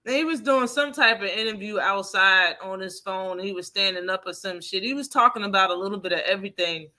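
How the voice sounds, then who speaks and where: A woman's voice: mid-range voice, a little fast, bright, forceful tone. A woman hosting a live boxing talk stream in casual, profane chat, laughing often and answering her chat.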